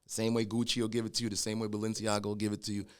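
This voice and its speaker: Man telling his story low-pitched, lively and animated. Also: racing, clean tone. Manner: animated storyteller, acts out quoted voices. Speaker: guest, clothing brand founder. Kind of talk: casual storytelling in conversation.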